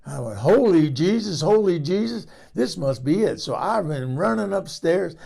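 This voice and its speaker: A man's voice: high-pitched, lively intonation, moderate pace, gravelly, mellow, exaggerated voice. A man playing a frank older woman who rambles through a comic story and laughs at herself. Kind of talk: comic character monologue.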